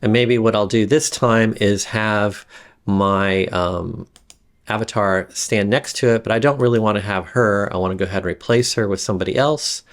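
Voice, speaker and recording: A man explains software in a relaxed screen-recording lesson. His voice sits somewhat low, and he rambles, often pausing on fillers and starting sentences over. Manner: rambling, frequent fillers and restarts. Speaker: instructor demonstrating software. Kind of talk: casual screen-recording tutorial.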